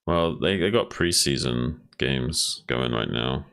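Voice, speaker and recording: A man's voice: extremely low pitch, animated, slow, gravelly, a bit bright, clear, resonant tone, dry recording. A man who casts games, chatting casually in a rambling, teasing way. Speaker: game caster. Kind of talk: casual chat.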